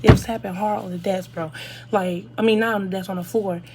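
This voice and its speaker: An eighteen-year-old woman, telling a casual storytime to viewers in an animated, chatty way. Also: medium pitch, a little fast, over loud music. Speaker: vlogger.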